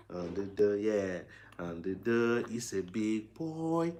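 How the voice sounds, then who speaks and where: A man, a new father chatting casually to his viewers and cooing softly to his baby at home. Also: fairly low pitch, very animated, takes it slowly, a little hiss or hum. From Nigeria. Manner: soft and coaxing, cooing to a baby between chat. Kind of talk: casual live vlog.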